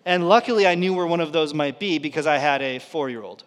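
A man in his thirties preaching from a church stage, with a voice that sits a little high for a man. He tells stories in his sermon and drops quiet when he quotes someone. The sound rings with the long reverb of a large hall. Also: quick pace. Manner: storytelling, dropping to a hush for quoted lines. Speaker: pastor. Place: church auditorium.

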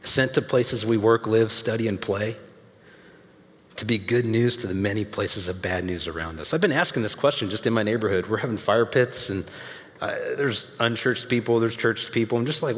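A man's voice: lowish voice, moderate pace. A man preaching a sermon in a conversational, emphatic way with casual asides, speaking to a church audience. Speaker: pastor. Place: large church hall with audience. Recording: long hall reverb.

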